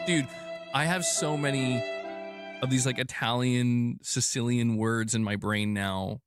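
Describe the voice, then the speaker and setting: A man's voice: medium pitch, fairly even intonation, unhurried, no echo. Joking streamer man over faint music. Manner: joking, laughing, ribbing his chat. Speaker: streamer shown in a clip. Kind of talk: casual livestream chat.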